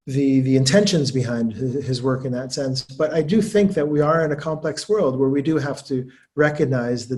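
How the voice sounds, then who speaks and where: A man giving a webinar talk as an academic guest speaker, thinking aloud quickly with many restarts and repeated words. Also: medium pitch, a little mellow.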